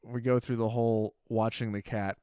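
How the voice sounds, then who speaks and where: A man's voice: medium pitch, moderate pace, smooth, dry recording. A man telling stories in casual podcast chat, often acting out the voices of people in them. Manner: animated storyteller, acts out other voices. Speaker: podcast co-host.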